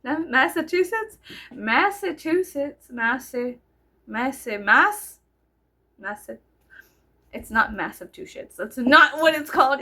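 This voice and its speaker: A woman's voice: on the high side, sharp tone, slightly rough. A young woman from Texas, telling a story in a rambling, giggly casual chat and swearing freely. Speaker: storyteller vlogger.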